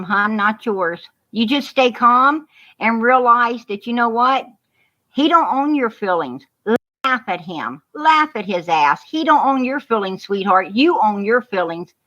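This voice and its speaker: A woman's voice: a little high, fairly bright tone. A woman talking on a livestream call, repeating herself, comforting another caller and getting fired up. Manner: repetitive, consoling, fired-up, says "you know what" often. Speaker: guest on a livestream. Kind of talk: emotional livestream call-in chat. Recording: dull lo-fi stream audio.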